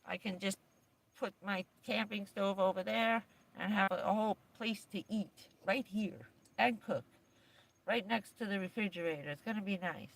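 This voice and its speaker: A woman's voice: mid-range voice, moderate pace, vocal fry. A woman livestreaming from inside her camper van, chatting casually and rambling along with lots of fillers and little laughs.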